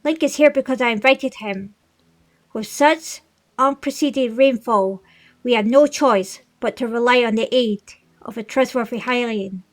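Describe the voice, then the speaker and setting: A woman reading the lines of an earnest young male fish-folk prince from a video game, polite and steady, in a fairly high voice. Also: unhurried, lightly acted.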